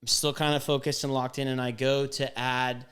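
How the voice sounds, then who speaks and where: A man co-hosting a podcast, telling a story in casual chat, animated and profane with lots of fillers. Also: mid-range voice, moderate pace, clear, resonant tone. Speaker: podcast co-host.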